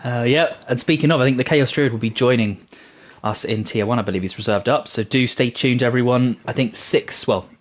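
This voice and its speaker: A man giving upbeat post-race commentary, reading out the finishing order and thanking viewers. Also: medium pitch. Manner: upbeat, reads results in a quick list.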